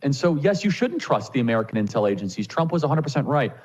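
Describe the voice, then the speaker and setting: Man, political commentator guest, forceful, rhetorical questions, slightly muffled lo-fi audio. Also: mid-range voice, very animated, fast talker. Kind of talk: political interview talk.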